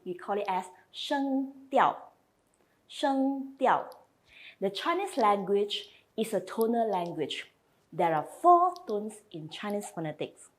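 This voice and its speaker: Slow, patient woman teaching sounds. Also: medium pitch. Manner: patient, spells out and repeats each sound. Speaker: language teacher. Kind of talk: slide lesson.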